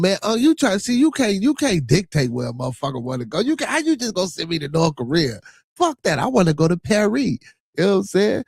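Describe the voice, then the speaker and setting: A man's voice: on the high side, a little mellow, breathy edge, no room sound, clean studio sound. A man with a Chicago accent hosting a livestream, joking and cursing loosely while reading chat comments aloud. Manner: loose, profane, joking banter with frequent filler. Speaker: livestream podcast host.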